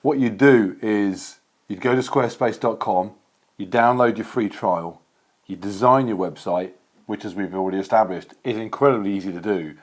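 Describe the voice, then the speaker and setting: A man's voice: on the low side, moderate pace. A man hosting a casual vlog, chatting playfully while taste-testing food. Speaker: vlogger host.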